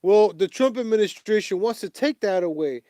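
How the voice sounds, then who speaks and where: A man's voice: high-pitched, lively intonation, moderate pace, dark tone, no echo, clean studio sound, pitched above the performer's own voice. A man mimicking a phony, sing-song politician woman. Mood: mocking. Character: smug, phony female politician.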